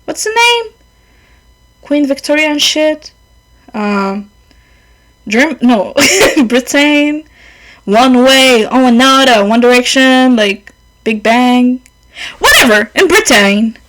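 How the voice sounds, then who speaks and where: A woman's voice: sits high, expressive, slow, fairly bright tone, poor audio. A young woman hosting a podcast in casual, rambling chat, with a mother tongue and easy swearing. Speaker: podcast host.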